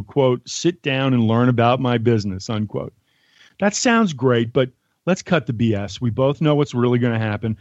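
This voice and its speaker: An American man appears as a podcast guest over a remote call, chatting casually and reading his own letter aloud in a blunt, conversational way. His medium-pitched voice is a little mellow, and the muffled recording has no room sound.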